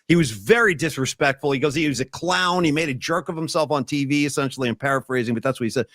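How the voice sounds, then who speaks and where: A man, hosting a casual podcast chat, emphatic and animated. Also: a little high, fast, dry recording, studio quality. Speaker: podcast host.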